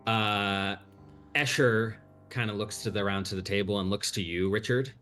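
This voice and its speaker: A man narrating as game master in a tabletop game, relaxed and halting, with many fillers. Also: on the low side, soft background music.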